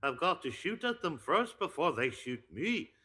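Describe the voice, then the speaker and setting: A jittery little leprechaun gamer, with a mock Scottish accent tangled with a Texan drawl. The voice is high and loud, darting nervously from one line to the next. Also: male voice, very animated, moderate pace, full character voice. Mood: frantic.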